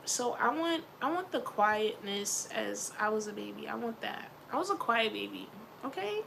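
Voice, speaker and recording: A woman vlogger chatting casually to camera, animated and playful, with slangy asides. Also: fairly high pitch, moderate pace, gravelly, background noise.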